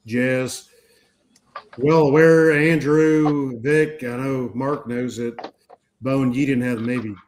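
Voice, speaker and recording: A rambling man in his fifties hosts a relaxed podcast chat with a mid-range voice. He circles back with restarts and curses freely. A faint hiss sits under his voice. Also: medium pitch. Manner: rambling storyteller, frequent restarts and swearing. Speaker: podcast host. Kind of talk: casual group chat.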